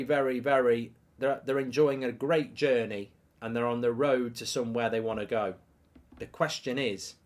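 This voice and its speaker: Excitable man hosting a football watchalong. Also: medium pitch. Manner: excitable, reads viewer messages aloud, repeats himself. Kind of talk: live match commentary and chat with viewers.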